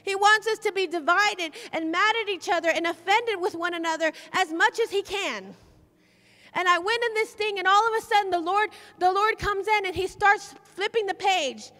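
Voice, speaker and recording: A woman's voice: very high voice, moderate pace, pushed and bright. A woman preacher giving a fervent, repetitive sermon testimony at a church service. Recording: long hall reverb.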